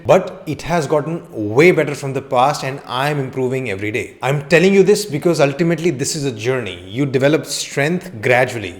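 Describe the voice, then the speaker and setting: A man, a counselling psychologist, giving a conversational educational talk to camera and often asking rhetorical questions. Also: on the high side.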